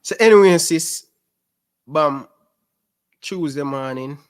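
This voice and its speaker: A man's voice: on the high side, slow pace, clean tone. Young Jamaican man telling stories. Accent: Jamaican Patois. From Rema, Jamaica. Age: 20s. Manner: lively storyteller who keeps calling the host "sis". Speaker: interview guest. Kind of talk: casual storytelling in an interview.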